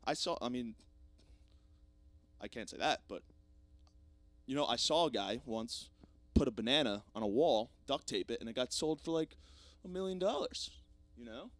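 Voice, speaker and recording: A young man hosting a podcast, rambling through a jokey, self-deprecating solo monologue with plenty of swearing, swinging between loud bursts and mumbled asides. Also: medium pitch, moderate pace, pauses often, no room sound. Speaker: podcast host.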